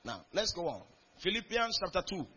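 A pastor preaches a sermon in a church hall, reading scripture aloud in a rising, building cadence and calling out questions to the congregation. His high voice is sing-song, fairly quick, pushed and bright, yet husky, on lo-fi sound.

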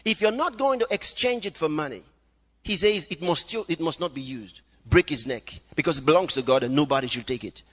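A man preaching a sermon, reading scripture aloud and swinging between loud calls and hushed asides. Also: on the high side, lively intonation, brisk. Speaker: pastor. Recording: long hall reverb.

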